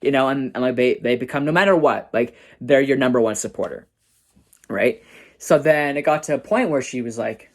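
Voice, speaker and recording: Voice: mid-range voice, normal speed. A young adult telling a personal story to camera in a casual, chatty way, peppering talk with "like" and "right?". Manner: chatty, full of "like" and "right?", acts out quoted family voices.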